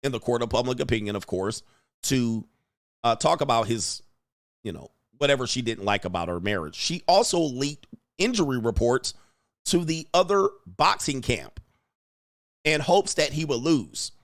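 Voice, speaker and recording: A man hosting a casual reaction commentary, loud and mocking, full of slang and laughter. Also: mid-range voice, very animated, normal speed, no echo, studio quality. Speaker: commentary host.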